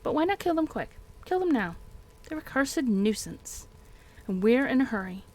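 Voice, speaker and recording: A woman voicing an impatient, bloodthirsty male orc soldier who talks in a hurried, raised voice. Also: high voice, very animated, darkish tone, voice pushed up.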